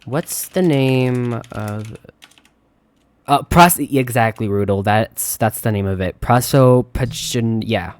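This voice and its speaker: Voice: mid-range voice, slow, no room sound. Chatty streamer reacting to a game. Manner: chatty, reactive, laughs, addresses chat. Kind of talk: casual live-stream commentary. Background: quiet game music.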